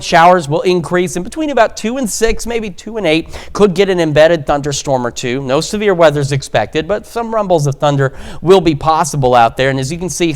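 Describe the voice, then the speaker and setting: Chipper, joking male TV weatherman. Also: a little high. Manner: chipper, jokey and rambling, laughs at himself. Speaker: meteorologist. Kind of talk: live morning weather forecast.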